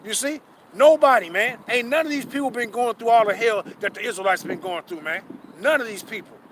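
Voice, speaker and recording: A man street-preaching a sermon outdoors, fervent and profane. He repeats himself and reads scripture slowly. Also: sits high, poor audio. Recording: loud street noise behind.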